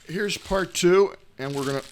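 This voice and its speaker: A man's voice: high voice, moderate pace, gravelly, a little hiss or hum. A middle-aged man hosting a tech gadget show from home, talking in a folksy, rambling way with many filler uhs. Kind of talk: casual tech gadget talk. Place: home, not in the studio.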